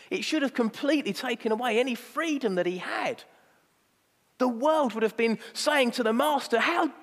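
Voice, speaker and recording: Male preacher, emphatic, rhetorical, fairly high voice, long hall reverb. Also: fairly bright tone. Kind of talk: sermon.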